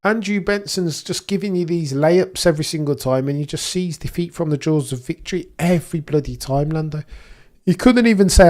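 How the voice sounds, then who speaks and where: A man's voice: fairly high pitch, lively intonation, moderate pace, darkish tone. A young man hosting a live watchalong, talking in a rambling, opinionated way and often restarting his sentences. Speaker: livestream host. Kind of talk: casual live commentary.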